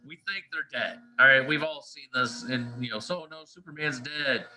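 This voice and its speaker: A man's voice: medium pitch, moderate pace, bright, forceful tone, poor audio. A man teaching a class in a casual, conversational lecture, often checking in with "all right" and "right?".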